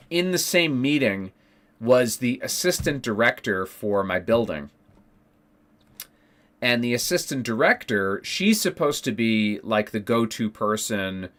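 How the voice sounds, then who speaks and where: Animated, profane male streamer ranting. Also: on the low side, measured pace. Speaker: Twitch streamer. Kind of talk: casual storytelling to stream chat.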